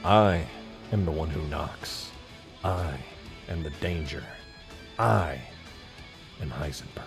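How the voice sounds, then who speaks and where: A man putting on the voice of a grim, menacing male drug lord, speaking slowly and solemnly in a low register. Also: creaky, music in the background, full character voice. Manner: slow, low, solemn delivery.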